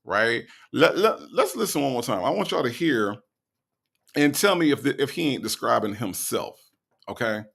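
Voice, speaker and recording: Man, gravelly voice, sarcastic reaction commentary, slow mocking delivery. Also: medium pitch, big pitch swings, a bit bright. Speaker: commentary host.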